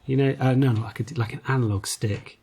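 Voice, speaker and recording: A man's voice: medium pitch, steady tone, a little fast, dark tone, slight background noise. A man co-hosting a podcast, chatting casually about retro games in a rambling, hesitant way with lots of fillers. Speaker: podcast co-host.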